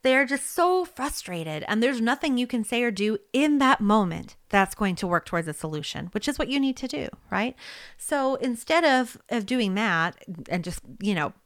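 Her voice runs on the high side and she's very animated, speaking at a moderate pace in a clean, echo-free studio recording. Giving easygoing advice about handling colleagues who are upset, she keeps asking "okay?" and "right?" and laughs lightly.

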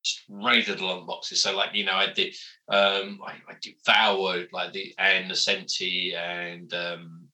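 A man, a comic book writer telling animated, self-mocking stories as an interview guest, full of fillers. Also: low voice, a little slow, rough recording. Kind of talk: casual interview storytelling.

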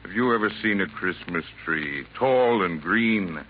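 A man playing a calm, wise Santa Claus in 1940s radio acting, gently lecturing in rhyming verse, on a tinny old broadcast with faint hiss. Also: low-pitched, measured pace. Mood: earnest.

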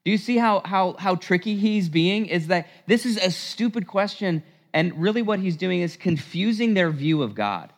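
A male priest preaches with animated emphasis and pointed rhetorical questions, his voice a touch higher than most men's. Long reverb from the church sanctuary trails each phrase. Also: moderate pace, few pauses. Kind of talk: sermon.

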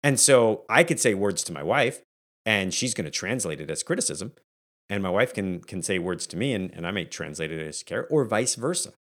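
A man with a fairly low voice hosting his own podcast. He talks with energy and in a casual, conversational way. He coaches his listeners like a leadership mentor. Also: normal speed. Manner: energetic and conversational, acting out quoted family moments. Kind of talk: solo podcast talk.

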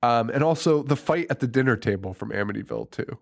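A man's voice: medium pitch, animated, quick pace, vocal fry. A man co-hosting a horror podcast, talking loosely with laughter and swearing. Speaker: podcast co-host. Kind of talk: casual movie chat.

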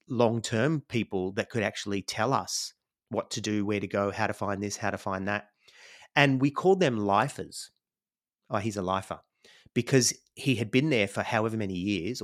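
Middle-aged Australian man, low voice, rambling and reflective, conversational storyteller on a podcast. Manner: reflective, rambling, frequent "you know". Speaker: podcast guest.

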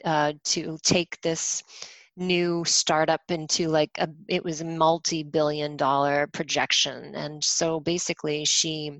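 A woman with a low, gravelly voice talks as a podcast guest. She rambles, with plenty of fillers and restarts. The recording is close and dry. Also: little pitch movement, measured pace, fairly bright tone, no room sound, poor audio. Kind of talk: casual conversation.

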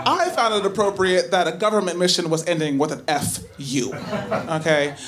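A woman telling a true story on stage, chatty and animated, full of asides and filler words. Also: fairly low pitch, normal speed, crowd noise. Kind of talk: live first-person storytelling.

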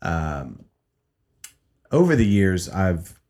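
A man's voice: low voice, sing-song, drawn-out words, darkish tone. A man, a stand-up comedian, telling rambling stories with frequent swearing and restarts in a casual chat.

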